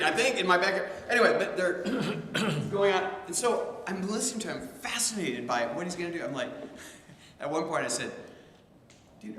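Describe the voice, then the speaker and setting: A man's voice: fairly high pitch, pushed and bright. A man teaching a theology class, telling stories in a conversational way with many restarts. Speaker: theology instructor. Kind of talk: informal class discussion. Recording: echoey hall, faint room noise.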